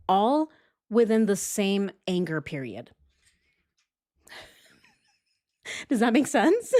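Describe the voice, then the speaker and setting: A woman hosting a true crime channel, talking through a case in casual livestream commentary, animated and chatty with quick laughs and casual swearing. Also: lowish voice.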